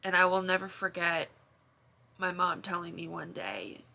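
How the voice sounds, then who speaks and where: Bright-voiced young woman confessing to camera. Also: on the low side, expressive, moderate pace, gravelly. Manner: emotional, rambling with many restarts and fillers. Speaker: vlogger.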